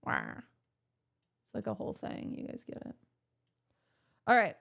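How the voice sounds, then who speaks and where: A woman's voice: medium pitch, wildly swooping pitch, normal speed, creaky. A young woman streaming from home, chatting with her viewers in a rambling, joking, mock-outraged way. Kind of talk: casual chat with chat viewers.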